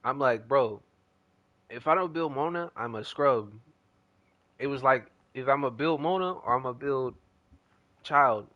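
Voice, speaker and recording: A man's voice: mid-range voice, a little slow, pauses often, no room sound, muffled recording. A young man chatting casually as a gaming streamer, telling a rambling story in slangy talk.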